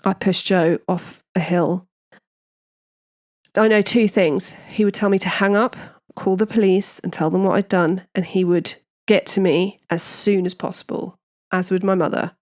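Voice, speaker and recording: A woman's voice: medium pitch, steady tone, moderate pace, darkish tone. A woman hosting a true crime podcast, recapping a case in a casual, indignant, opinionated way.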